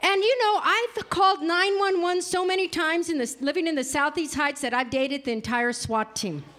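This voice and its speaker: High-voiced woman doing stand-up. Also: normal speed, fairly bright tone. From New Mexico. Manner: chatty, self-mocking, acts out quoted lines. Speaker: stand-up comedian. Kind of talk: stand-up comedy set. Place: live comedy venue.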